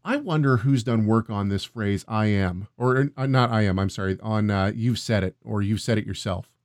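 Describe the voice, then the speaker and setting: A man co-hosting a casual scripture discussion, reading passages aloud and thinking out loud, often checking in with "right?". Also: on the low side, moderate pace, no room sound, studio quality. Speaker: co-host of a Bible discussion.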